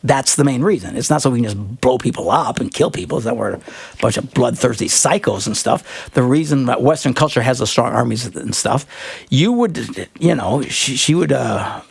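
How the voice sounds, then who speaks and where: A man's voice: mid-range voice, lively intonation, moderate pace, vocal fry, slightly rough, dry recording. A middle-aged man hosting a radio advice show, rambling and joking and laughing often. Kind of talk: call-in advice show banter.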